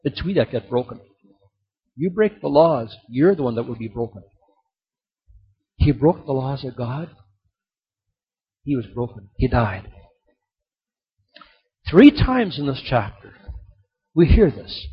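A man preaching a sermon, telling stories and swinging between loud emphasis and soft, quiet drops. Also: mid-range voice, sing-song, takes it slowly, long pauses, slightly rough. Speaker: pastor. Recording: dull lo-fi recording.

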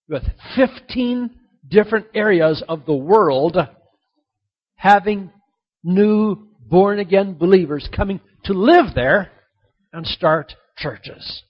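Husky high-voiced man preaching a sermon. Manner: animated preaching that climbs to excited peaks. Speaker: pastor. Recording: dull lo-fi sound.

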